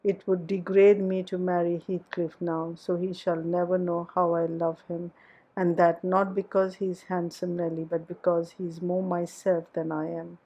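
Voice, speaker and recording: Passionate headstrong young heroine, read by a woman, earnest, confiding, low and level voice, mellow tone, audiobook. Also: flat delivery, normal speed, lightly acted, low-quality recording. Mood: impassioned. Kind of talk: classic novel audiobook reading.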